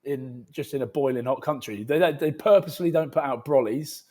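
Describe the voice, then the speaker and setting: A man's voice: mid-range voice, brisk, warm tone. A man co-hosting a rugby podcast, telling joking stories in casual banter. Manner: joking, banter-heavy storytelling. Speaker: podcast co-host. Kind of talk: casual chat.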